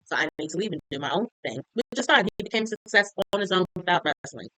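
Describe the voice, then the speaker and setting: A woman's voice: lowish voice, animated, fast talker, hardly any pauses, bright, forceful tone, no room sound, poor audio. A woman chatting casually as she recaps a TV episode, retelling scenes with lots of "like". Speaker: TV recap reviewer.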